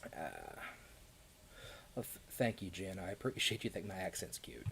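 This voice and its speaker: Man, Kentucky accent, low-ish voice, rambling live-stream chat, laughs a lot. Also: huge pitch swings, moderate pace, gravelly, a bit bright, slight background noise. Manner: rambling, chatty, laughs often, fillers. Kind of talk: casual live chat answering viewers.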